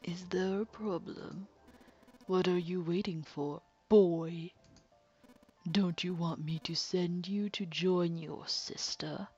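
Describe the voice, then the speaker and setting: A woman reading as a hushed, sadistic killer. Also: fairly low pitch, fairly even intonation, breathy edge, muffled recording, soft background music. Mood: taunting. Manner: slow, hushed, mocking and polite. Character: calm sadistic middle-aged male killer. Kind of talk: dramatic reading of game text.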